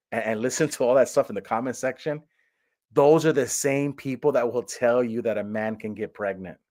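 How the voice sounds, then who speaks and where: A man giving a sarcastic, exaggerated casual movie review, rambling with lots of restarts. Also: mid-range voice.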